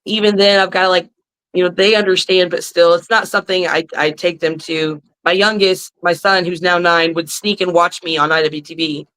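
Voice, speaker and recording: A woman who is a professional wrestler, a guest on a podcast, telling lively stories and cursing freely. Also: on the low side, moderate pace, poor audio. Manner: animated storyteller who curses freely. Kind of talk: casual podcast chat.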